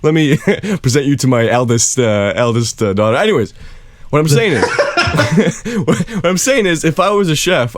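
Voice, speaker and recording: A man's voice: mid-range voice, no echo. A man co-hosting a comedy podcast, rambling in a mock-earnest way and laughing often. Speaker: podcast co-host. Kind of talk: casual comedic banter.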